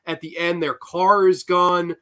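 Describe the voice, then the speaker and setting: A man's voice: sits high, level tone, measured pace, sharp tone. A man as a podcast guest, chatting enthusiastically and laughing along. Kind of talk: casual chat.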